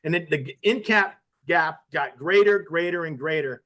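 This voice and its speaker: A man's voice: fairly high pitch, moderate pace, bright, forceful tone. A man on a podcast panel, explaining a topic at length through a story in casual discussion.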